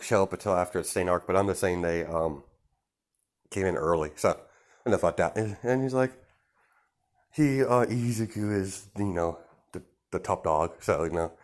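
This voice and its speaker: A man's voice: sits low, moderate pace. A man casually improvising a fan story aloud, rambling with lots of fillers. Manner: rambling, full of fillers and restarts.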